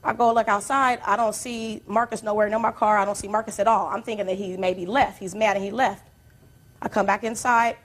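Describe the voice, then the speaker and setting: A woman with a medium-pitched voice speaks fairly quickly as the plaintiff in court. Addressing the judge, she tells her long story in a rambling, animated way, heaping up details in plain testimony.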